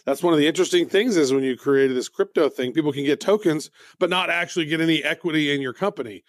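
A man's voice: a little high, quick pace, dry recording, clean studio sound. A man hosting a podcast, chatting loosely through a news rundown with plenty of fillers. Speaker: podcast host.

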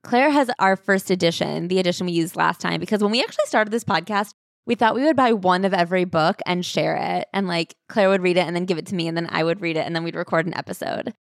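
A woman's voice: fairly low pitch, quick pace, gravelly, no room sound. A woman co-hosting a podcast in casual chat, playful and laughing, on a close mic. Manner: chatty, laughing, playful asides. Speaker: podcast co-host.

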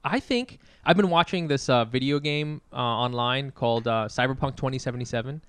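Podcast cohost guy, smooth voice, dead dry sound, says yeah a lot. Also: mid-range voice, a bit bright, dry recording. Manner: quick agreeing backchannels, stammering restarts. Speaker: podcast co-host. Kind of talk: casual chat.

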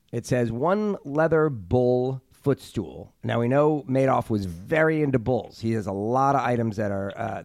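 A man's voice: mid-range voice, vocal fry, darkish tone, dry recording. A man hosting a podcast, reading out auction listings and questioning his guests. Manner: reads out item listings, asks guests questions. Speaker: podcast host. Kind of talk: conversational podcast interview.

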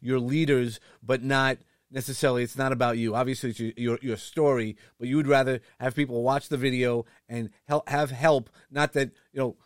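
A man's voice: mid-range voice, fairly even intonation, a little fast, hardly any pauses, no room sound. A man with a New York accent hosts a casual interview, his mid-range voice recorded dry and close. He rambles a little and restarts his sentences as he chats. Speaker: interview host.

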